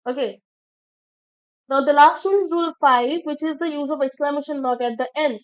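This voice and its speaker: A woman with a high, light voice teaches an English grammar lesson. She explains each rule step by step and checks in with her viewers as she goes. The recording sounds dull and lo-fi. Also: normal speed.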